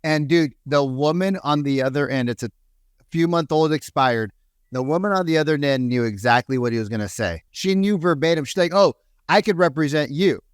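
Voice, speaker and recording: A man coaching real estate agents on a podcast, animated, acting out phone calls in quick voices. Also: on the high side, clean tone, dry recording, studio quality. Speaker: sales coach, podcast co-host. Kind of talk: energetic coaching talk with acted-out quotes.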